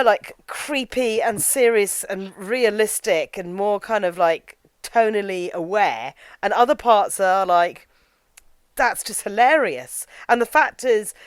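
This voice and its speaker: A woman's voice: mid-range voice, dry recording. A young woman chatting enthusiastically in a casual film review, full of "like" fillers.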